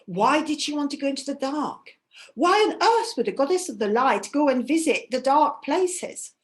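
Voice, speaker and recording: A woman voicing a crowd of scornful gods who scold quickly and dismissively. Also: high-pitched, big pitch swings.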